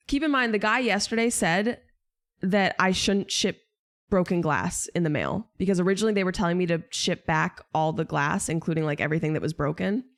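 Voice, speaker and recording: A young woman streamer venting to her viewers in casual chat, exasperated, swearing and rambling. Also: on the low side.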